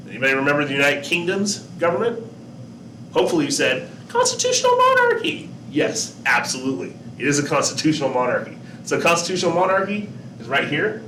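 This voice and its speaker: A man teaches a lesson in a loose, chatty way, quizzing his students and cracking small jokes as he goes. His voice is bright and carries some edge. He sounds a little distant from the mic, in an echoey room with a faint hum behind him. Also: on the high side.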